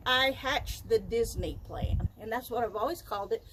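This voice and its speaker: Older woman, interview guest, high-pitched and lively, laughs easily, natural storyteller. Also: normal speed, a little hiss or hum, poor audio. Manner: lively, laughs often, acts out dialogue. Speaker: interview guest, wild animal trainer. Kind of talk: animated personal storytelling.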